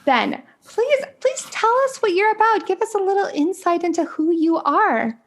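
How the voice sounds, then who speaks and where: A woman's voice: very high-pitched, sing-song, moderate pace. A woman hosting a podcast over a video call, bubbly and giggly, sometimes tripping over her words. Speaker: podcast host.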